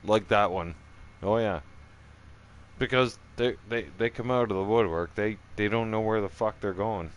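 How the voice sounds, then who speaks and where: A man's voice: on the low side, moderate pace. A middle-aged man telling a profane, rambling story in casual chat, full of "right?" asides. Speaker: streamer.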